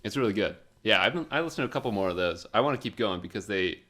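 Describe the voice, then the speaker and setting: A young man co-hosting a casual podcast, laid back and quick to agree and laugh along. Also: lowish voice, animated, sharp tone. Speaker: podcast co-host. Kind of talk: casual chat. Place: shared room with co-hosts.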